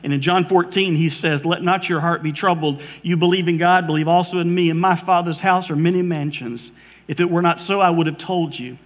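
A man's voice: on the high side, steady tone, a little fast. A pastor delivers a sermon in a slightly raised voice. He speaks earnestly to his congregation and builds his points through rhythmic repetition. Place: church sanctuary with congregation.

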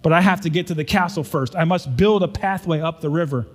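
A stubborn, self-righteous younger brother who refuses help, as a preacher acts him out, voiced fairly high for a man and pushing out indignant declarations. The voice rings with the long reverb of a large hall. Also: a little fast, natural voice. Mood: earnest. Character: zealous younger brother stacking rocks, proud and stubborn.

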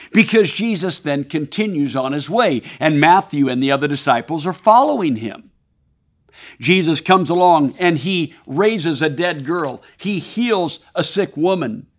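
A man preaching a sermon, paraphrasing scripture and swinging between loud emphasis and hushed drops. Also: on the high side. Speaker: pastor.

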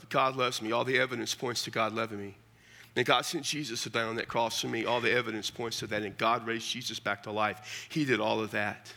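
Telling funny stories in a folksy storytelling sermon, a middle-aged man keeps addressing his audience as "man". His mid-range voice is gravelly, with a bright and forceful edge.

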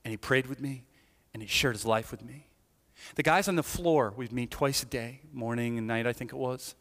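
Male preacher, mid-range voice, animated storyteller, long hall reverb. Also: medium pitch, normal speed. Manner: animated storytelling, acting out his younger self. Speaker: pastor. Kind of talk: sermon testimony.

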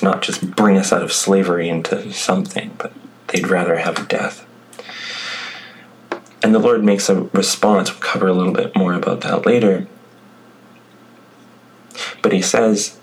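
A man's voice: low voice, slight background noise, low-quality recording. A man preaching a sermon, reading scripture aloud and then reflecting on it in a conversational way with asides to the congregation. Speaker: pastor.

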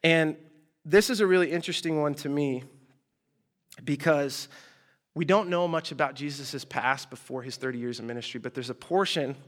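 A man's voice: a little high, moderate pace. Slangy, chatty young-sounding preacher man. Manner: chatty and slangy, with asides and mock exasperation. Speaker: preacher teaching a group. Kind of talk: casual storytelling sermon.

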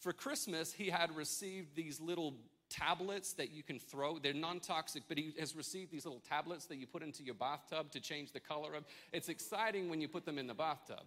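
A man in his thirties, a pastor preaching a sermon, telling a self-mocking family story in an animated way. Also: fairly high pitch, a little fast, hardly any pauses. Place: church service with congregation.

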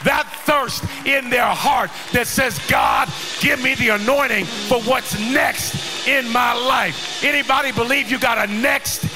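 A man preaching a sermon in a church, shouting and stretching out key words. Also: very high voice, measured pace, few pauses. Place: church sanctuary. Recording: long hall reverb, music behind.

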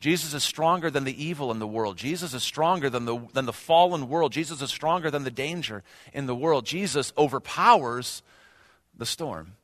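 A man's voice: mid-range voice, expressive, normal speed, fairly bright tone. A male pastor preaching a sermon earnestly, with rhetorical questions and rising emphasis. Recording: long hall reverb.

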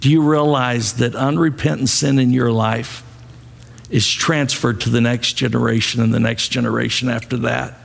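A man's voice: mid-range voice, fairly even intonation, normal speed, gravelly, in a large hall. A male pastor preaching a sermon, asking the congregation to repeat lines after him.

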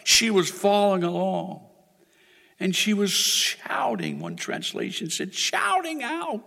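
High, animated, gravelly-voiced preacher. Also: male voice, takes it slowly, in a large hall. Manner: dramatic preaching that swings from quiet asides to shouted exhortations. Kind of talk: sermon.

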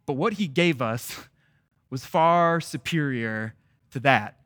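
A man preaching a sermon as pastor, asking repeated rhetorical questions and swinging between loud, emphatic stretches and soft, quiet ones. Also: medium pitch, takes it slowly, no room sound, clean studio sound.

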